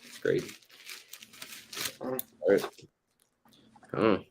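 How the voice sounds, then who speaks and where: A man with a low voice talking through scripture in a loose, slangy way, laughing now and then. The chat is easygoing and conversational, like friends breaking down a chapter. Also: very slow, gravelly, a little mellow, a little hiss or hum. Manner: casual, slangy, laughs often. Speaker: Bible study co-host. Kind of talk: casual religious discussion.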